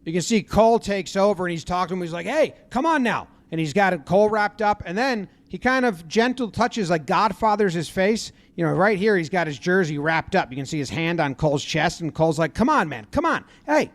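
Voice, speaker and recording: A man giving casual play-by-play commentary on a baseball brawl clip, acting out what the players shout. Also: high voice, fairly quick, hardly any pauses, no echo. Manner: animated, acts out players' lines in loud voices.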